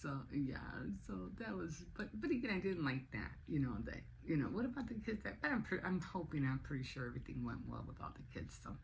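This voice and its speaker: Woman, 60s, rambling vlog chat, gravelly creak, light background hiss. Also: deep voice, sing-song, brisk, few pauses, low-quality recording. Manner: rambling, chatty, with frequent restarts and laughs. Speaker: vlogger. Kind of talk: casual chat.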